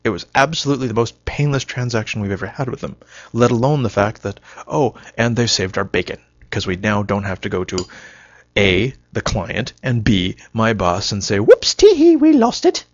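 A man's voice: fairly low pitch, moderate pace. A man giving a rambling, self-mocking solo monologue, wry and punchy, on a dull lo-fi recording.

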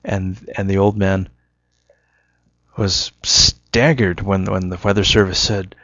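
A man's voice: low-pitched, steady tone, slow pace, a bit bright, dry recording, highs cut off. A man telling a joke and musing in a casual, rambling monologue, often correcting himself.

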